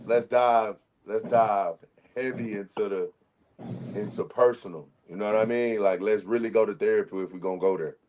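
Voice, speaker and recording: 30s guy, very deep voice, sleepy slang-heavy rambling, slight noise. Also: steady tone, fairly quick, warm tone. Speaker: co-host. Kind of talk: casual chat.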